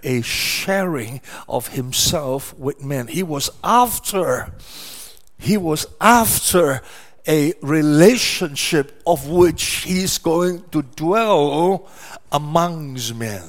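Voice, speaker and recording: High-pitched man preaching slowly. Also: lively intonation. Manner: emphatic, repetitive preaching cadence with rhetorical questions. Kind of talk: sermon.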